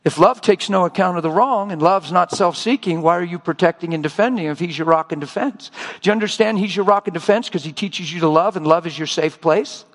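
An older man preaching a sermon, telling stories and acting out both sides of conversations with lively, emotional delivery. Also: high voice, fairly quick, big-room sound. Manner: animated storytelling, acting out dialogue.

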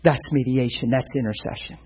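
Husky, earnest male preacher. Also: mid-range voice, a little fast, low-quality recording. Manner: earnest, animated, with stumbles and repeated words. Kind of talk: sermon-style teaching.

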